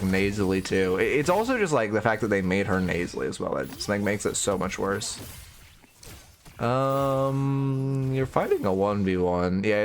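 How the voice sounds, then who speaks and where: A man's voice: lowish voice, slight background noise. A man giving casual live-stream coaching commentary on a video game, blunt and opinionated, swearing freely.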